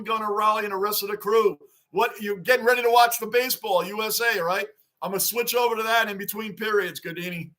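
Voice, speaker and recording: A middle-aged man runs a casual livestream, reading fan messages aloud and shouting out greetings. His voice sits high and rings bright and forceful. He chuckles often and keeps things upbeat.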